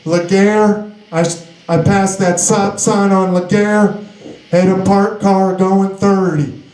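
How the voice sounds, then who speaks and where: Slow, halting man in an echoey room. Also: sits high, little pitch movement, a little mellow. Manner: halting, plainspoken, with restarts. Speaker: storyteller. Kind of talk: personal recovery story.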